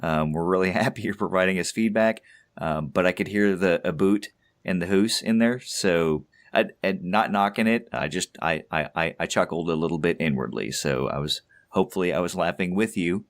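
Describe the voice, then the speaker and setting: Very deep-voiced rambling podcast man. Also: moderate pace. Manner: rambling, stammering restarts, chuckles to himself. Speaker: podcast co-host. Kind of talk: casual podcast chat.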